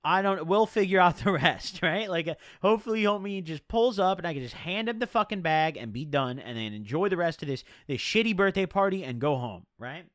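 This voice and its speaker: A man's voice: sits high, animated, brisk, few pauses, fairly bright tone, no room sound, clean studio sound. A young man telling a rambling, profane storytime tale in slangy, casual talk.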